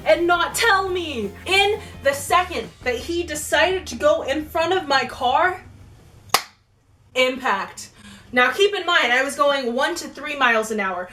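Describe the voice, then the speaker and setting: A young woman vlogger telling a personal story in a lively, slangy way. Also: sits high, distant mic. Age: young adult. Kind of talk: storytime vlog. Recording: voice a bit off-mic with faint music.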